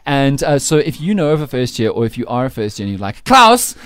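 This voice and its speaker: A man's voice: mid-range voice, very animated, brisk, fairly bright tone, smooth, no echo. A man hosting a breakfast radio show, chatting loosely with fillers and restarts. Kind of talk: casual breakfast radio chat.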